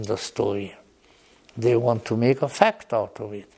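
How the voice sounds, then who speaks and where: Male lecturer, wry joking asides, halting restarts, mellow tone, slow pace. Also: lowish voice. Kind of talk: unscripted public lecture.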